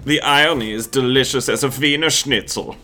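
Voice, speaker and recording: A man's voice: mid-range voice, brisk, bright, forceful tone, natural voice. A man playing a smug, dry-witted German man with a German accent.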